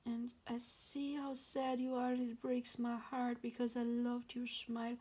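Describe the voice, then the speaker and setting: A woman voicing the spirit of a departed spouse, speaking softly, tenderly and consolingly in a channeled message. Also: fairly high pitch, completely flat delivery, a little slow, slightly rough.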